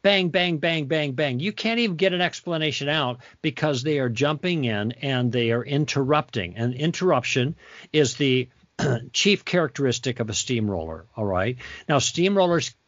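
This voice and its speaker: A man's voice: mid-range voice, lively intonation, moderate pace, fairly bright tone, no room sound. A man being interviewed as a guest author, explaining conversation tactics in a teacherly way and acting out sample dialogue. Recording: dull lo-fi dry sound.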